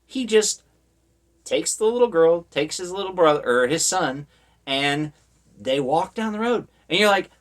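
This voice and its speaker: A man's voice: on the high side, expressive, a little slow. A man talks through a film in a casual, off-the-cuff review, retelling the plot in loose, meandering sentences full of fillers. He keeps slipping in wry, sarcastic asides about how little sense it all makes. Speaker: horror movie reviewer. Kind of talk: casual spoken movie review.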